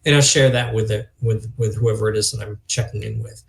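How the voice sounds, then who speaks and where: A middle-aged man talks in a relaxed interview with an earnest, reflective manner. His voice has a gravelly edge. He often acts out the words of others as he tells his story. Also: lowish voice, a little hiss or hum. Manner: earnest, reflective, quick to emotion, acts out quoted dialogue. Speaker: guest, youth organization leader. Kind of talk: conversational podcast interview.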